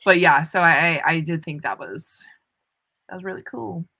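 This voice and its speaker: Young female co-host, low bright voice, eager and playful in casual chat. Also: normal speed, gravelly. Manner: enthusiastic, playful asides. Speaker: book club co-host.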